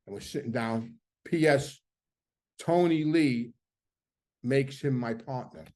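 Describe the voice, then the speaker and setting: A man's voice: mid-range voice, takes it slowly. A middle-aged man telling a story casually, acting out the arguments he quotes. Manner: animated, acts out quoted arguments loudly.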